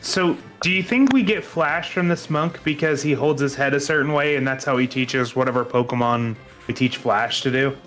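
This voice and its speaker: A man's voice: mid-range voice, moderate pace, hardly any pauses, fairly bright tone, soft background music. Chatty man sharing odd facts. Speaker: co-host of a gaming podcast. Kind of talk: casual group chat while playing a game.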